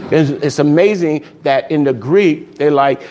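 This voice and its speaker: A man preaching a sermon as pastor, animated and acting out little scenes with voices and laughter. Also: fairly high pitch, unhurried.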